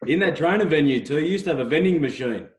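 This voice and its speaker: A man's voice: fairly high pitch, expressive, quick pace. A middle-aged man hosting an interview, asking friendly questions with restarts. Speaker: host. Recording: roomy echo.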